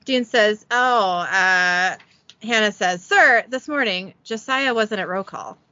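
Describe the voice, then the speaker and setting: Slow and sharp-toned, a woman with a mid-range voice recaps a podcast episode from a script. She reads casually, jokes at her own expense with plenty of giggles, and gives the quotes little voicing. The audio is dull, without echo.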